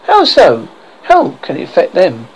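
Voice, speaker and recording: A reader voicing a dry, teasing middle-aged husband who answers calmly. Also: medium pitch, unhurried, slight background noise, low-quality recording. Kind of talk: audiobook character reading.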